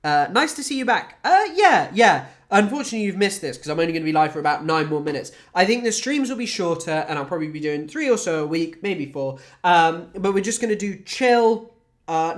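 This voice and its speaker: A Scottish man, a comedian and streamer, chatting casually to his live chat in a rambling, profane, sardonic way, with lots of fillers. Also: on the high side.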